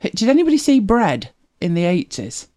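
Chatty streamer with a softened northern English accent. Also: medium pitch, huge pitch swings, moderate pace. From northern England. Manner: chatty, laughs often, muses aloud. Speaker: streamer reacting to videos. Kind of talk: casual reaction chat to viewers.

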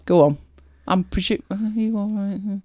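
A middle-aged woman co-hosts a podcast in casual chat, laughing often and telling stories with animation. Her medium-pitched voice is mellow and measured, with no echo.

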